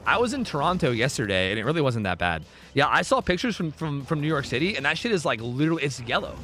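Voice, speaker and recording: A man streaming live, chatting casually with viewers and commentating a match in an excitable, profane manner. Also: mid-range voice.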